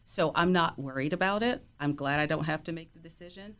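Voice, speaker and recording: Middle-aged mom chatting on a podcast, kinda low voice, lots of "you know". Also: female voice, fairly quick. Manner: warm storytelling, frequent "you know" fillers. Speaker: guest, player's mother. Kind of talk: casual podcast chat.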